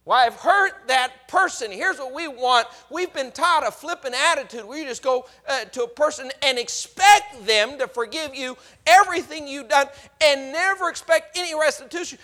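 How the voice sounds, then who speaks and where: A male preacher with a very high, bright and forceful voice delivers a sermon. He swings from loud to hushed and acts out the voices he quotes. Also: moderate pace.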